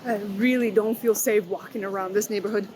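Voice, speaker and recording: A woman's voice: medium pitch, fairly even intonation, brisk, background noise. A woman hosting a video essay in a scripted voice-over, with a sarcastic, ranting manner.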